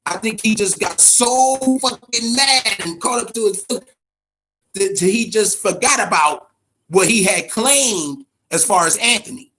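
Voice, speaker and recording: A man's voice: sits high, lively intonation, measured pace, bright, forceful tone. Profane, fired-up man podcasting about boxing. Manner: profane, emphatic, repeats words when fired up; addresses chat viewers directly. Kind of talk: casual live-stream commentary.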